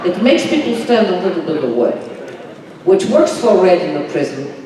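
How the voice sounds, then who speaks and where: On a large convention hall stage, a woman answers fan questions as a panel guest, with a theatrical, emphatic delivery. Her voice is on the low side, very animated, at normal speed. The audio is an echoey hall heard from far off, with a crowd and noisy background.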